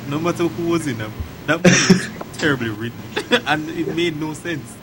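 A man's voice: a little high, moderate pace. A man in casual chat, joking with exaggerated complaints and laughing often. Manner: laughing, profane, mock-dramatic. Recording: noisy amateur recording.

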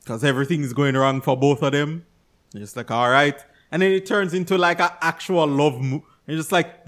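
A man's voice: on the high side, steady tone, fairly quick, fairly bright tone. A man co-hosting a casual chat, ranting with exasperation about a movie, swearing and acting out his own reactions. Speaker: podcast co-host.

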